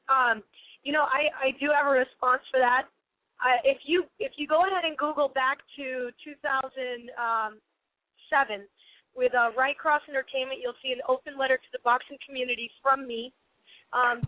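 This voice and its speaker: A woman's voice: sits high, no room sound. A young adult woman, a professional boxer, talking passionately as a guest on a radio show over a phone line. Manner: passionate, emphatic, quick restarts. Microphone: telephone.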